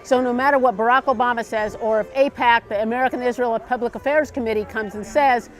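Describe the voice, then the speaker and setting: A woman's voice: fairly high pitch, steady tone, quick pace, few pauses, faint music behind. Insistent woman delivering a political statement. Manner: emphatic, insistent, repeats key phrases. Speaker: public commenter. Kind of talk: impassioned statement to camera. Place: outdoor festival booth.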